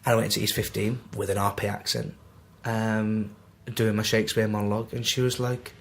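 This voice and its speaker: A man's voice: lowish voice, a little fast, creaky. A man in his twenties with a Manchester accent, telling anecdotes as a podcast guest and acting out the dialogue. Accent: Mancunian. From Manchester, England. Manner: animated, acts out quoted dialogue. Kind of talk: casual anecdotal storytelling.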